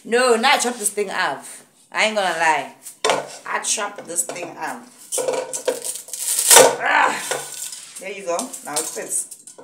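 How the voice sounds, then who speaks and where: A woman's voice: medium pitch, expressive, takes it slowly, long pauses, very noisy. A woman talking casually to her viewers in her home kitchen, chatty and playfully mock-solemn as she speaks to her family. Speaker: vlogger, mother. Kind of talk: casual family vlog chat.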